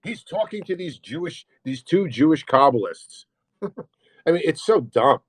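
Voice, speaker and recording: Mocking man with a lively voice. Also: on the high side, a little slow, dry recording, low-quality recording. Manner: mocking, laughing, breaks into sing-song parody chanting. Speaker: livestream host. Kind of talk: casual livestream commentary.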